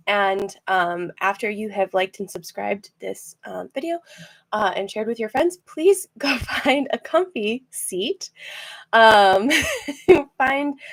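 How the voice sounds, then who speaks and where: A woman leading a guided rest and relaxation practice from her chair, gentle and encouraging, laughing now and then and using fillers. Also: medium pitch, creaky. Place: seated in a chair.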